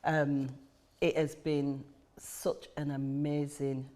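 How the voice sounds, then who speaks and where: A woman's voice: deep voice, little pitch movement, takes it slowly, dark tone. Reflective woman, emphatic. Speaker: charity chair and guest. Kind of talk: podcast conversation.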